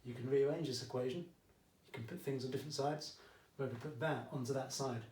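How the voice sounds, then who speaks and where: A man's voice: mid-range voice, fairly even intonation, fairly quick, darkish tone, far from the mic. A man with an Essex accent teaching maths in a casual, jokey video lesson, often checking in with "okay?". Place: at home during lockdown. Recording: echoey room, mic set back.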